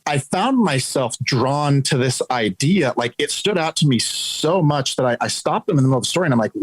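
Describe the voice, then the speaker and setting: A man with a husky, slightly breathy voice speaks as an interview guest. He tells a story in an earnest, explanatory way. The sound is dry and close, with no room echo. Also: medium pitch, animated, a little fast, few pauses. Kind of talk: conversational storytelling.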